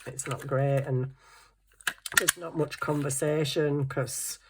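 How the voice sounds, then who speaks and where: Middle-aged woman, relaxed craft-vlog chatter, quick to laugh, a touch low in pitch. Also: heavy background noise. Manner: chatty storytelling, laughing often. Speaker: craft vlogger. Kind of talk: casual chat.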